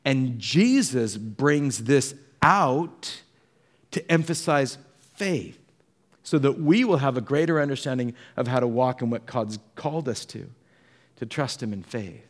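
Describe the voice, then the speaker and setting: Animated male pastor preaching a sermon. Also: medium pitch. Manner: animated storytelling, acting out voices of the people in the story.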